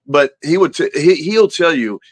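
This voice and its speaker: A man's voice: fairly high pitch, animated, moderate pace, dry recording. A man with a Louisiana accent, speaking as a guest in a casual interview in a plainspoken, self-deprecating way.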